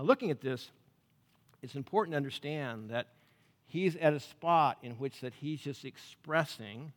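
A pastor with a voice on the high side preaches a sermon in a big-sounding room. His style is conversational, and he frequently puts questions to the congregation.

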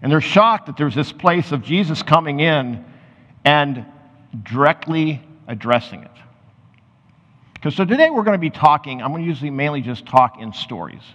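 A pastor preaching a sermon, reading scripture aloud and then explaining it in loose, conversational asides. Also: male voice, on the high side, very animated, normal speed, fairly bright tone. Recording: muffled sound with long hall reverb.

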